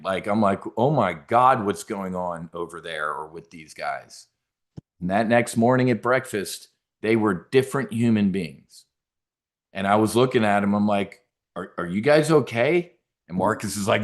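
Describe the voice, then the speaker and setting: A middle-aged man hosting a trading show, telling stories in a rambling, animated way with many fillers. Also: lowish voice, unhurried. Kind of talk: casual livestream talk.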